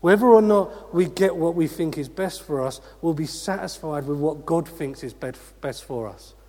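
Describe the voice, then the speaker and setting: A man delivering an energetic sermon in a fairly high voice. He preaches with rhetorical questions and calls out to the congregation. His voice rings through a large church hall with a long reverb tail. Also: moderate pace.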